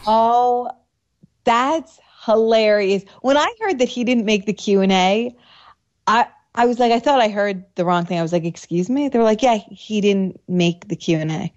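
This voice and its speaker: Woman, New York accent, guest interview, bubbly and laughing; dull, low-fidelity sound. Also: normal speed. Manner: animated, laughs often, acts out lines. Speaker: actress guest. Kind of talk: casual interview chat.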